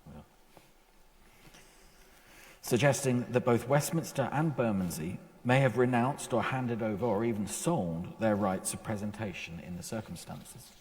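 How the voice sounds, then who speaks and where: Male lecturer with a lowish voice, measured and precise, dry wit, heard in a church with a long echo. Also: a little mellow. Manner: measured, precise, dryly wry asides. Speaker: historian giving a public lecture. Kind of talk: formal historical lecture. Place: large church interior. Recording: long reverb of a church hall.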